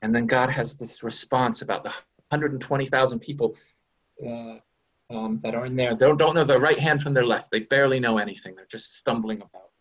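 Husky-voiced minister. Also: male voice, medium pitch, fairly quick. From USA. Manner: conversational, animated, frequent "right?" asides. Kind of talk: sermon. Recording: dull lo-fi recording.

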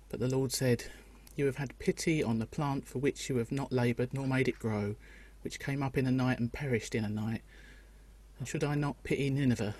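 A man reads scripture aloud at a steady, measured pace. His voice is husky and sits at a middle pitch. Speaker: scripture reader. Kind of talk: scripture reading.

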